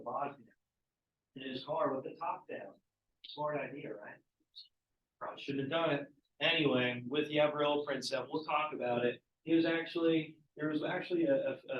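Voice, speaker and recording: A man's voice: medium pitch, slight background noise. A male teacher giving a casual history lecture to a class, asking students questions as he goes. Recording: echoey, distant, muffled classroom recording.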